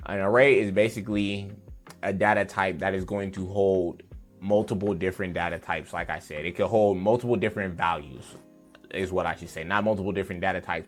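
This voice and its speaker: Low-voiced man teaching coding, chatty. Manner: loose, chatty explaining with fillers and playful asides. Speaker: programming teacher. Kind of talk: casual screen-share coding tutorial.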